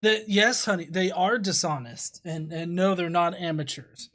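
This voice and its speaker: A woman's voice: on the low side, normal speed. A woman giving casual live-stream commentary on a video, sarcastic and profane, laughing often.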